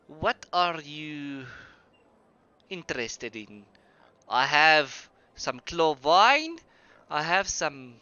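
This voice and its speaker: A man's voice: on the high side, pushed and bright, smooth, dry recording, lo-fi sound, heavily acted. A man voicing a friendly, chatty young female tavern keeper who gushes over her guests. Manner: gushing, chatty, overly welcoming.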